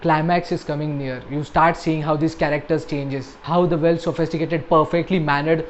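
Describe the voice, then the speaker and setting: A young man talks through a film review in a chatty, joking way, with flat deadpan asides. His voice sits a little high. The recording sounds slightly dull, with faint room ambience behind him. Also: normal speed, slight background noise. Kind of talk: casual spoken film review.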